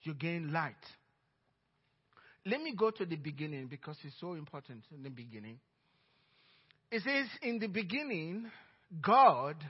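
High-voiced Nigerian pastor preaching. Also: male voice, breathy edge. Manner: emphatic storytelling, swinging between loud and hushed. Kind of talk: sermon. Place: church sanctuary. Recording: dull reverberant church recording.

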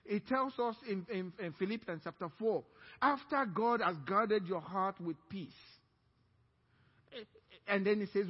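Pastor, male, very high husky voice, emphatic sermon delivery, echoey church hall. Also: measured pace, long pauses, dull audio. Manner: emphatic preaching with call-and-response to the congregation. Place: church sanctuary.

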